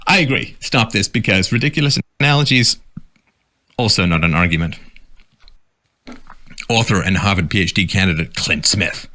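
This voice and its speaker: A man's voice: deep voice, moderate pace, pauses often, pushed and bright. A man giving sarcastic political commentary, reading out quotes and mocking them.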